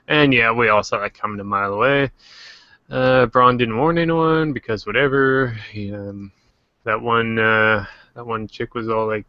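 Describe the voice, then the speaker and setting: A man hosting a casual livestream discussion, joking and animated. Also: mid-range voice, normal speed, no room sound, dull audio. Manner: joking, animated, quotes characters in silly voices. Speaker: host.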